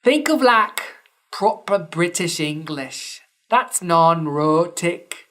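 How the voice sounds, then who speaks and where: A woman's voice: fairly low pitch, expressive, takes it slowly. A woman podcast host giving a scripted explainer lesson, with dry, wry asides between points.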